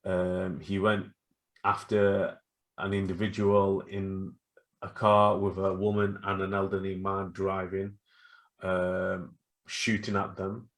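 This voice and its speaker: A man co-hosting a casual podcast, retelling stories with lively acted-out quotes. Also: low-pitched, takes it slowly. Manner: animated storytelling, acts out quotes. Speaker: podcast co-host. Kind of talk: casual chat.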